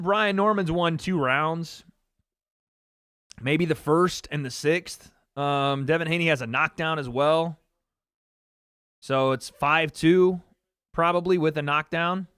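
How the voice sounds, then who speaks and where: A young man hosting a live watch-party stream, chatting casually and excitably, swearing freely as he reacts. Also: fairly high pitch, no echo, studio quality. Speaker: livestream host.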